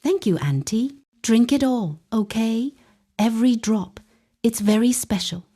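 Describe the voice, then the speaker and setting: A woman's voice: on the high side, expressive, unhurried, mellow, slightly rough, voice pushed up. A woman voicing a scheming sister-in-law who fakes frantic, pleading panic. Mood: coaxing.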